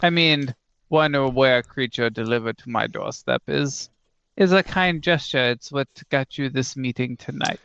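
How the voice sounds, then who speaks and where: A man voicing a smooth, sinister male tower patron who sips wine, speaking with a halting put-on accent. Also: medium pitch, steady tone, a bit bright, muffled recording. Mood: scheming.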